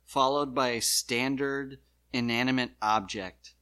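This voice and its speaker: A man's voice: mid-range voice, steady tone, measured pace, sharp tone, clear, resonant tone. A man chatting casually on a comedy podcast, laughing often and telling stories animatedly. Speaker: podcast co-host.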